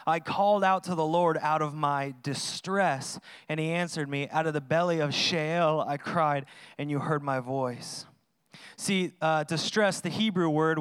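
A man preaching a sermon in a conversational, energetic way, with sudden loud emphases. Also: sits high, smooth, no echo. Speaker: pastor.

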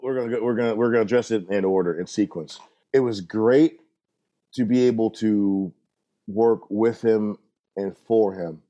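A middle-aged drummer, guesting on an interview, speaks fairly quickly in a low, dark and mellow voice. He's laid-back and folksy, drifting into easy anecdotes in relaxed storytelling, though the recording is muffled.

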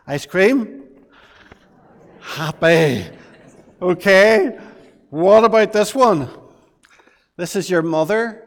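Playful pastor in a church hall. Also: male voice, high voice, lively intonation, slow, pauses often. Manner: playful, questioning, coaxing. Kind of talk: children's talk in church. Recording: long reverb of a large hall.

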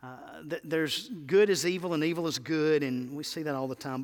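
High-voiced preacher man in echoing sanctuary. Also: lively intonation, a little fast, hardly any pauses. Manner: rising to emphatic exhortations. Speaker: pastor. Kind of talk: sermon.

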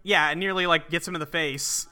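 A man's voice: fairly high pitch, fairly even intonation, bright, forceful tone, clean tone. A man casually recapping a film on a podcast, acting out characters' lines as he goes. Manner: retells scenes, acting out lines in quick put-on voices. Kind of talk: casual chat.

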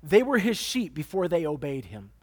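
A man's voice: wildly swooping pitch, normal speed, a little mellow. A man preaching a sermon, reading scripture aloud and pressing his points with emphatic repetition. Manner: emphatic preaching with repeated words and sudden pitch swings. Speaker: pastor.

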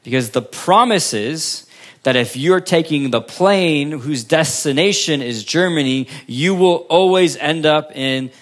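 A male pastor preaching a sermon, asking the congregation questions and answering them himself, with long pauses and line endings that drop almost to silence. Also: fairly high pitch. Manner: preaching with strong rises and falls, long pauses, drops to near quiet at line ends.

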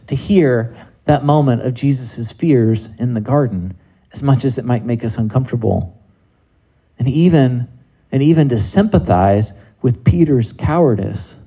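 A man's voice: medium pitch, mellow, poor audio. A man preaching a sermon in a conversational way, with many rhetorical questions to his listeners.

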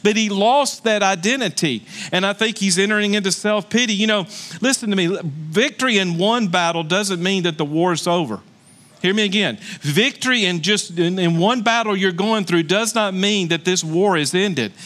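A man's voice: high voice, normal speed, fairly bright tone. A man preaching a sermon as pastor, reading scripture aloud and stopping to exhort the congregation with emphatic questions.

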